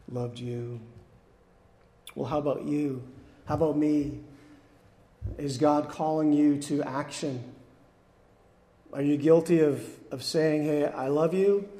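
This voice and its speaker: A man preaching a sermon in an earnest, emphatic way, slowing on key phrases and dropping soft at the ends. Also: on the high side. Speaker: pastor. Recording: echoey hall with long reverb.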